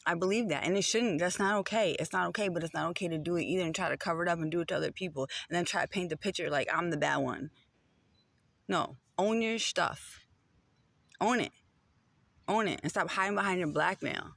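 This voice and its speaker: A man's voice: sits high, fairly quick, creaky, a bit bright, no echo. A man delivering a heated personal rant to the camera, repeating phrases for emphasis.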